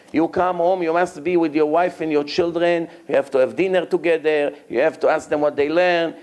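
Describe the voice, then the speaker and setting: Man, rabbi, Torah lecture, lively delivery, fairly high voice. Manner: animated, acts out quoted dialogue in a raised voice; non-native English with grammar slips.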